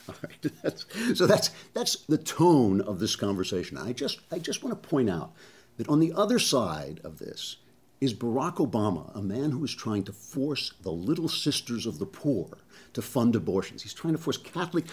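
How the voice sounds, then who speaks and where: A male commentator with a mid-range voice whose pitch swings widely as he talks. He is animated and conversational, with a sarcastic edge. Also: normal speed, breathy edge. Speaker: talk show host. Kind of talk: political commentary monologue.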